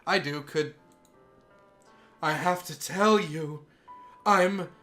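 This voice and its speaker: Yuri, a man voicing a hushed, obsessive young woman. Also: on the high side, very slow, faint music behind, heavily acted. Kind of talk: reading visual novel dialogue aloud.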